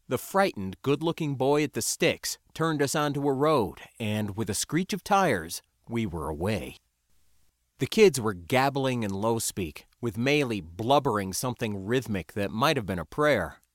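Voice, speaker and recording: A man reading a first-person story as an audiobook narrator, in a wry, lively storytelling way. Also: mid-range voice, moderate pace, dry recording, studio quality.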